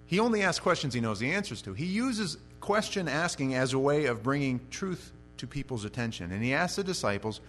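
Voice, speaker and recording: A man's voice: big pitch swings, brisk, hardly any pauses, soft background music. Man preaching with emphatic, swinging delivery. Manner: emphatic preaching with sharp swings in loudness and pitch; conversational asides between scripture quotes. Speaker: pastor. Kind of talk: expository sermon.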